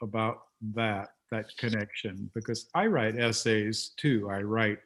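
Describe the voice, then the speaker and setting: A man hosting a casual chat, talkative, slipping into lively, animated retellings of what he and others said. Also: on the low side, measured pace. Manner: chatty, animated when telling stories. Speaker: host.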